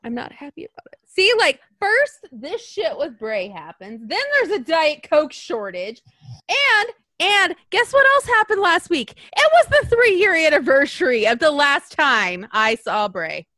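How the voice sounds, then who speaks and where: High, lively woman chatting animatedly. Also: a little slow, no room sound, studio quality. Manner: animated, swearing, laughing asides. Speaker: podcast co-host. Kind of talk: casual chat.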